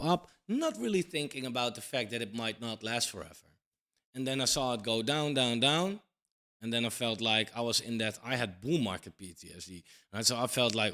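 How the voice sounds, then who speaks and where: A man in his thirties speaks at medium pitch with a fairly bright tone in a casual crypto talking-head monologue. He comes across blunt and emphatic, swears casually, and finishes points with "right?".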